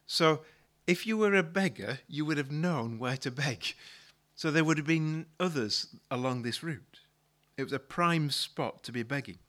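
A man delivers a sermon with a bright, forceful tone and a voice pitched a little above the usual male range. He preaches like he is telling a story, conversational rather than formal. He often repeats a word or two as he restarts a sentence. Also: lively intonation, measured pace, few pauses. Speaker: pastor.

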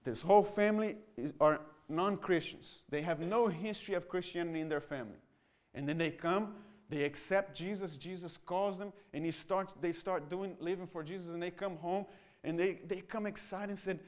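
A man preaching a sermon, who talks in a lively way and acts out the mocking voices of other people. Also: sits high, moderate pace. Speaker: pastor. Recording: church sermon audio.

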